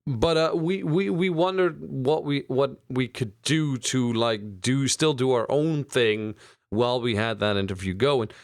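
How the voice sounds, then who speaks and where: A man's voice: medium pitch, unhurried, dry recording, clean studio sound. A young man co-hosting a podcast, rambling and joking crudely in casual banter. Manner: rambling, crude and jokey, many restarts. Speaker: podcast co-host.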